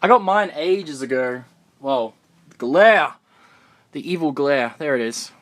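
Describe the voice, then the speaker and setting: A young man from Australia chatting excitedly through a live Q&A stream, recorded on his phone in a room of books. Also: fairly high pitch, slow. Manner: chatty, excitable, answers comments on the fly. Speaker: fan vlogger. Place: room full of books, indoors.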